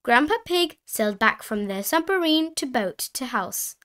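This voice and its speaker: A woman narrating a children's storybook aloud in an expressive, sing-song way. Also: sits high, normal speed. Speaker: storybook reader. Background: background music.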